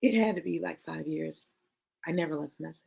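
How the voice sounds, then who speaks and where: A woman's voice: deep voice, a little fast, gravelly, darkish tone, breathy edge. A woman giving an emphatic, preachy motivational talk who calls her listeners y'all and honey. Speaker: motivational speaker.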